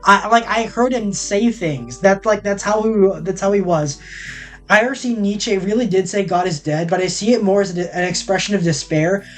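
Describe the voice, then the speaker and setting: A man's voice: sits high, normal speed, faint music behind. Rambling, laughing male streamer. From southern United States. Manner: rambling, joking, laughs often, many restarts. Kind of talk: casual chat with chat readers.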